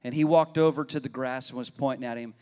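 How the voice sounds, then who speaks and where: A man's voice: mid-range voice, fairly even intonation, fast, a little mellow, smooth. Man preaching in a reverberant church hall. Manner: conversational, folksy, addresses the congregation directly. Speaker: pastor. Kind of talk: sermon with storytelling. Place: church sanctuary.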